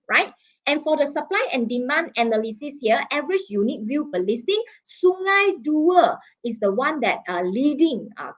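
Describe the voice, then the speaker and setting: A woman with a Malaysian English accent presenting market data in a webinar, checking in with "okay?" and "right?" and pausing on fillers. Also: a little high. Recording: dull lo-fi webinar audio.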